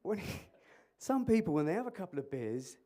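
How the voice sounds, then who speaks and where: This emergency clinician's voice sits high and moves a little fast. Speaking through a microphone in a conference hall, he gives an interactive talk, joking in an animated way and quizzing the audience.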